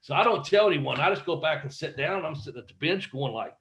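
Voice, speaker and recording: A man's voice: a little high, animated, fast, fairly bright tone, rough recording. A middle-aged man, a former pro wrestler, telling backstage stories in a casual interview, acting out quotes, swearing freely and laughing often.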